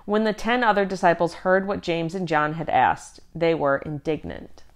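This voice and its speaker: A woman teaching a youth group in an earnest, conversational way, reading scripture aloud along the way. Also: medium pitch.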